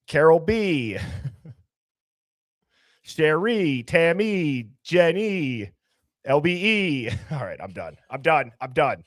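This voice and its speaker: A man hosting a casual live stream, reading out viewer names and comments with loud greetings and laughs. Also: on the high side, sing-song, very slow, long pauses, no room sound, studio quality. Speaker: livestream host.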